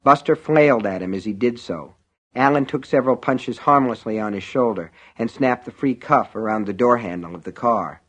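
A man reading an audiobook in measured, vivid narration. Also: medium pitch. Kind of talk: scripted narration.

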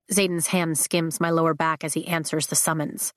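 A woman reads a story in the first person, steady and measured. Her voice sits on the lower side, close to the mic in a completely dry recording. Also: no echo. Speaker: audiobook narrator. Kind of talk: first-person scripted narration.

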